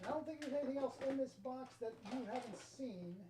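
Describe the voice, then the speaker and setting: A man streaming live from his home office, chatting excitedly with viewers and exclaiming often. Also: very high-pitched, fast talker, a little hiss or hum. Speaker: streamer showing his game collection. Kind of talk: casual live-stream chat.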